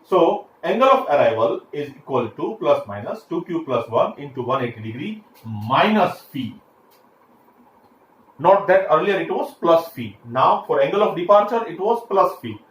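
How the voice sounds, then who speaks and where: A man's voice: fairly high pitch, sing-song, moderate pace. Lecturing man in an echoey room. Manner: explains step by step with frequent fillers and restarts. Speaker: engineering lecturer. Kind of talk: classroom lecture. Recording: echoey room, faint background hiss.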